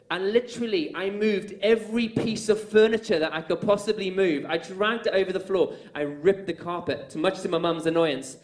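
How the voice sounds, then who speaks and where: Earnest preacher man in an echoey room. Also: sits high. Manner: earnest storytelling that builds to loud, emphatic peaks. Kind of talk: sermon.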